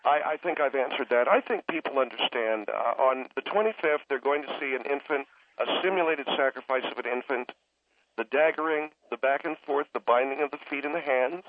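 A man calling in to a radio show, talking down to the host and interrupting him again and again to calm him. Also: medium pitch, fairly quick, no room sound. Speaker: caller. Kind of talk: radio call-in argument. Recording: tinny phone line.

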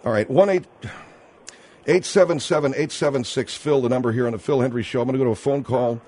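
A male talk radio host questions his guest closely and cuts in often. His voice sits at an ordinary middle pitch. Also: fast, warm tone. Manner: probing, interrupting with questions.

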